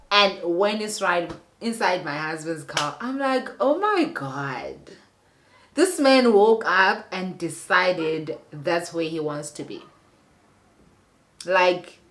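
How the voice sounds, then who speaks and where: A woman's voice: mid-range voice, pushed and bright. A young South African woman telling a personal story to her viewers in a casual vlog, emphatic and talking straight to them. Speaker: vlogger.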